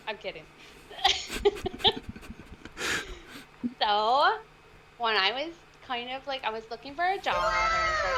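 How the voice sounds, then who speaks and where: Bubbly high-voiced woman streamer. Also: very animated, a little slow, pauses often, pushed and bright, a little hiss or hum, low-quality recording. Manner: bubbly and giggly, lots of "like" and "oh my God". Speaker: streamer guest. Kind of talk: casual live-stream chat.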